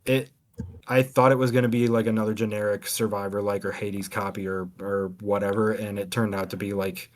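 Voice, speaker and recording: A gaming podcast co-host, reviewing game demos, describes one in casual talk that rambles and hesitates, packed with ums, fillers and restarts. He has a fairly low voice with a flat delivery and a fairly quick pace.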